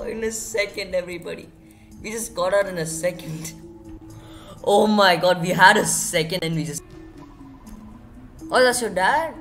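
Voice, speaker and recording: Excitable young-sounding male gamer over game music. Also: slow pace, long pauses. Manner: excitable, jumps into high yelps and repeats himself. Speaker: gaming channel host. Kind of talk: casual gameplay commentary. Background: game music playing under the voice.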